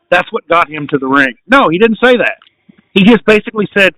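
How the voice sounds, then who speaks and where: Brief: male podcast co-host, high bright voice, jokey, sweary, laughs a lot. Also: expressive, fairly quick, no echo, low-quality recording. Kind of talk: casual chat.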